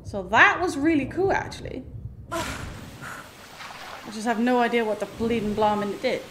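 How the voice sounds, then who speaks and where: A woman's voice: fairly high pitch, lively intonation, moderate pace, fairly bright tone, poor audio. Chatty woman streamer over background noise. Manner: chatty, talks to the game and its creatures, laughs often. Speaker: gaming streamer. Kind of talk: casual let's-play commentary.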